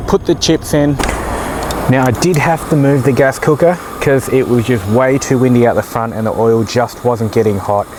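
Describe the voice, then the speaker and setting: A man's voice: mid-range voice, moderate pace, noisy background. Chatty joking man hosting a cooking show. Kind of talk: casual cooking tutorial. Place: outdoors by a barbecue.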